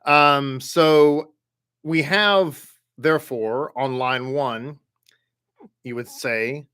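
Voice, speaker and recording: Male Hebrew tutor, mid pitch, unhurried, drills syllables, keeps checking in with the class. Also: sharp tone, clear, resonant tone. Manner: patient, repeats sounds slowly for learners; halting restarts, frequent "okay?" check-ins. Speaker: Hebrew reading teacher. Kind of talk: online class instruction.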